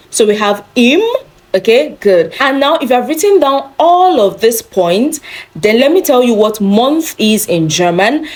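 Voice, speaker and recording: A woman teaching a beginner German lesson, repeating each word several times for the learner. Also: a little high.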